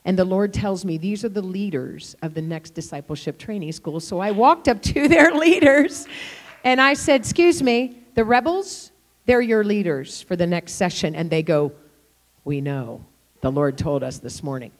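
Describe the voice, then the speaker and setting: An older woman gives a storytelling sermon in church, animated and expressive. She jumps into the voices of the people in her tales, then settles back into a plain, medium-pitched delivery. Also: normal speed. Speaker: guest preacher.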